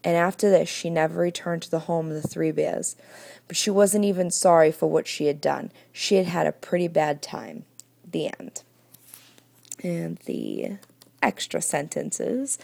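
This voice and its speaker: A woman from Massachusetts, reading a fairy tale aloud in a steady, careful way. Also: lowish voice, measured pace, creaky, no room sound. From Massachusetts, USA. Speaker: reader.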